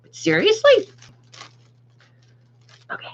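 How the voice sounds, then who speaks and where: A woman with a sore throat chatting casually with viewers while packing bags for her craft shop, laughing often. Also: slow. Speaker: craft shop owner and vlogger. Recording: dull lo-fi sound with faint hiss.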